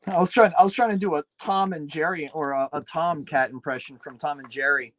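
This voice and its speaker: Rambling, swearing streamer guy, slightly high. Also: fairly quick, a bit bright, rough recording. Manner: swears freely, mutters to himself while working; rambling, self-deprecating. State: tired, up late. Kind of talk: casual livestream chat while building a PC.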